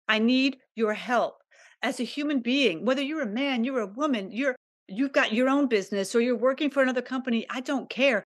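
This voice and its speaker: Candid, emotional woman podcast host. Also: on the high side. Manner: candid, emotional, repetitive, confiding. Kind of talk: personal monologue podcast.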